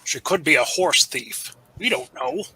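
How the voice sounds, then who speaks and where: A man's voice: on the high side, very animated, measured pace, creaky, pushed and bright, breathy edge, low-quality recording. A man chatting casually as a player at a tabletop game, with wry joking remarks.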